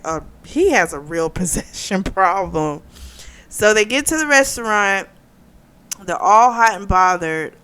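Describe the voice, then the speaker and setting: A young woman hosting a book club video, retelling a plot in a chatty, animated way with frequent laughs and fillers. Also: fairly low pitch, smooth.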